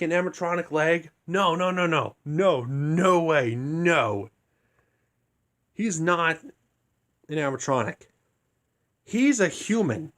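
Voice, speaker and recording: A young man quietly retelling a story in a rambling, casual review, keeping his voice down so he won't wake anyone. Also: high-pitched. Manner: rambling, hushed to keep from waking others.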